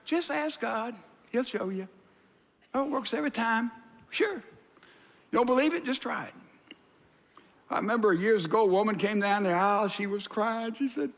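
An older man, a pastor, preaching an animated sermon in a church and acting out voices, with hushed asides. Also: sits high, moderate pace, pauses often. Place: church sanctuary. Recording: long hall reverb.

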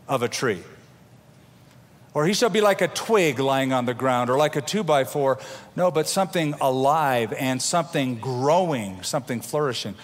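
A middle-aged man preaching a sermon as pastor, talking in a conversational way with homely asides and the odd stumbling restart. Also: mid-range voice. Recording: long reverb of a large hall.

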